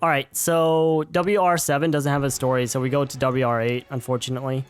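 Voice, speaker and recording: A man's voice: mid-range voice, flat delivery, brisk, clear, resonant tone, soft background music. A man streaming a game, chatting casually in a rambling, self-correcting way and swearing now and then. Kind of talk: casual live-stream chat.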